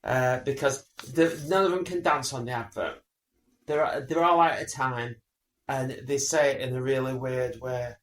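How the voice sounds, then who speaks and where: A man's voice: mid-range voice, normal speed. A man, co-hosting a casual podcast, grumbling and rambling as he mocks what irritates him. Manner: grumbling, rambling, mimics voices. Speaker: podcast co-host. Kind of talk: casual banter. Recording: echoey room.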